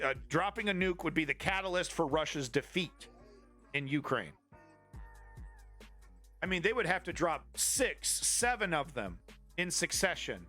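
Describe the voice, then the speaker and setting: Here a high-pitched Canadian political commentary streamer rants forcefully on a live stream. His speech is profane and flippant, full of repeated restarts.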